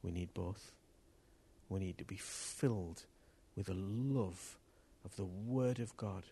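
A man preaching a sermon to a congregation, impassioned and building to loud bursts. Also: sits low, slow pace, breathy edge. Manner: impassioned, rising to loud outbursts. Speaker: pastor. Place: church hall with congregation.

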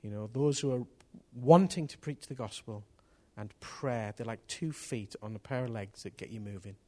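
A man preaching a sermon to a congregation, impassioned and building to loud bursts. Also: lowish voice, normal speed. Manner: impassioned, rising to loud outbursts. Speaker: pastor. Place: church hall with congregation.

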